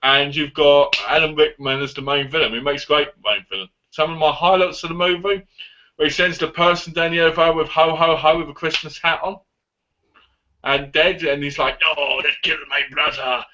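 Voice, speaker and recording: Male guest, excitable rambling talker, bright voice, lo-fi call sound. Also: on the high side, moderate pace. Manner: excitable, rambling movie talk. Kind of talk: casual live chat.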